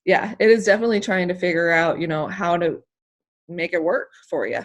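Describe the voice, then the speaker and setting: Athlete woman guest, slightly low-pitched, animated and emotional, rambling delivery. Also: fairly quick. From United States. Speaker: interview guest, hammer thrower. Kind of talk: casual interview storytelling.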